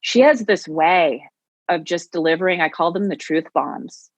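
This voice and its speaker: A woman's voice: lowish voice, moderate pace, dry recording, low-quality recording. A woman who teaches yoga and Pilates, telling her story earnestly as a podcast guest. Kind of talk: conversational podcast interview.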